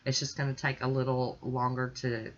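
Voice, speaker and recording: A woman casually chatting through a nail art tutorial, relaxed and rambling, with small laughs. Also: extremely low pitch, normal speed. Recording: dull lo-fi audio.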